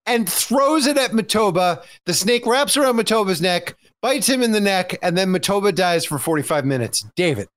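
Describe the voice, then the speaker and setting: A man's voice: high voice, animated, normal speed, few pauses, fairly bright tone. A man co-hosting a casual podcast about a film, joking and acting out characters' lines as he recaps scenes. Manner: jokey, acts out characters' lines while recapping. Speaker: podcast co-host.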